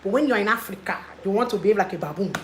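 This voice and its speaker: Woman, from Nigeria, vlogger, casual live storytelling, animated, indignant, echoey room, faint hiss. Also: mid-range voice, rapid-fire. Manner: animated, gets loud and indignant retelling a confrontation.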